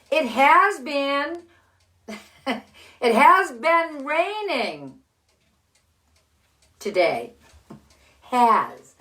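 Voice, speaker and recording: An older woman with six grandchildren, teaching letter sounds to children in a slow, cheerful, encouraging way from her living room. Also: sits high, sing-song, pushed and bright. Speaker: children's story host. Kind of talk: phonics lesson and read-aloud for children.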